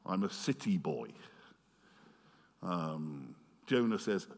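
A man preaching a sermon, retelling a story with animated swings between loud passages and quiet, earnest asides. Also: medium pitch, takes it slowly, long pauses. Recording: long hall reverb.

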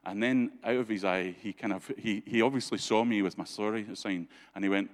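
A man's voice: on the low side, steady tone, fairly quick. A man telling stories in a church talk, chatty, often laughing, with many restarts and fillers. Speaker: church speaker. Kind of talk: anecdotal storytelling talk.

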